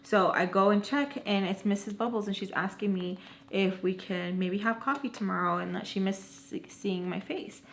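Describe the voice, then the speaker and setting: Woman vlogger rambling thru a story, mid pitch, acts out the quotes. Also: moderate pace, vocal fry. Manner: animated, acts out quoted dialogue; rambling, self-correcting asides. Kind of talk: casual storytime retelling.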